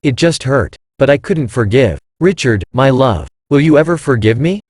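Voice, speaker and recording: A man's voice: medium pitch, lively intonation, moderate pace, a little mellow, dry recording, studio quality, lightly acted. A man reading an earnest, pleading wife. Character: upset wife defending her husband.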